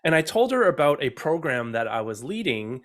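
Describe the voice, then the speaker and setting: A man's voice: a little high, sing-song, moderate pace, a bit bright. A middle-aged man giving an upbeat online talk on innovation, asking his listeners direct questions. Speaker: innovation speaker.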